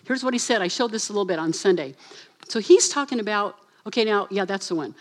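Animated woman preaching a sermon. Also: mid-range voice, fast. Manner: animated, acts out voices, addresses assistant for slides. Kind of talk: lively sermon.

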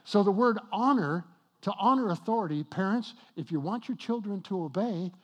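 Male pastor, high-pitched, emphatic sermon delivery with light banter to the congregation. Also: lively intonation, dull audio. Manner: emphatic, slows and rises on key points, jokes with the congregation. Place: church with congregation.

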